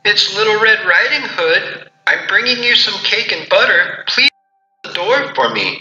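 A man voicing a cunning wolf who puts on a sweet, high grandmother voice on a course audio. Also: expressive, fairly quick, sharp tone, heavily acted. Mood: sly. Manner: sly, falsely sweet. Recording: roomy, muffled course audio with faint music.

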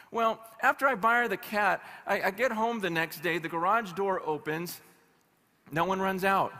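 A male pastor preaching at a conference, telling stories in an animated, conversational way with humor. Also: sits high. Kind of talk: conference sermon. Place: live conference hall.

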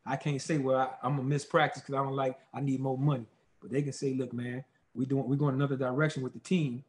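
A man, a former football player telling stories in a casual interview, rambling and animated with lots of fillers. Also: mid-range voice, fast talker, a little hiss or hum.

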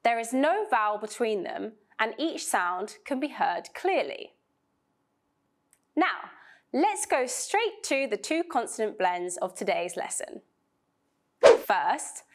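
A woman teaching English pronunciation in a slow, scripted lesson, drilling sounds clearly and deliberately. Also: on the high side.

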